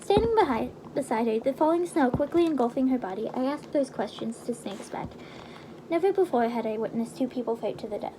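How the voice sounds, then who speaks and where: Woman reader, high voice, casual read-aloud with slips, faint background hiss. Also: expressive, fairly quick. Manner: casual, stumbles and restarts over words. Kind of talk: reading a game novelization aloud.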